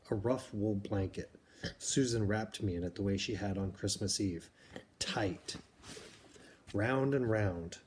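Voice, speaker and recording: A man reading a novel aloud in a measured, plain way, pausing to explain the story to listeners. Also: fairly low pitch, a little mellow, a little hiss or hum. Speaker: reader.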